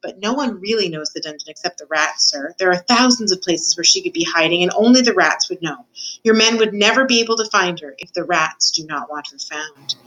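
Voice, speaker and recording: A woman's voice: on the low side, a little fast, fairly bright tone, lightly acted, poor audio. Earnest little mouse, read by a woman. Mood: pleading. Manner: earnest and pleading. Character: small, brave, polite mouse.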